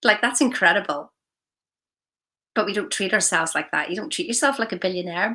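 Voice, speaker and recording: A woman's voice: medium pitch, expressive, fairly quick, bright, forceful tone. A woman coaching her viewers in an enthusiastic, effusive motivational vlog, talking outdoors into her phone. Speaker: life coach. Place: outdoors in the morning.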